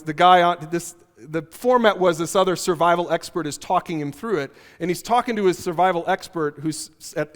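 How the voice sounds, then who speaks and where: Male pastor, high voice, animated and joking, conversational sermon, hall reverb. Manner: animated storytelling with humor, repeats key phrases. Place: church auditorium.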